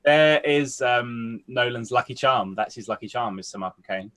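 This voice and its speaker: A man's voice: medium pitch, moderate pace, a bit bright. A man co-hosting a casual film chat, thinking aloud in long, winding sentences. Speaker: film podcast co-host.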